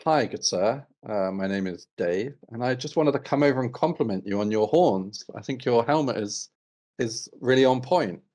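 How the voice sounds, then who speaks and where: A man voicing a flattering adult male adventurer in a tabletop game, full of old-fashioned courtesies. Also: medium pitch, normal speed, natural voice.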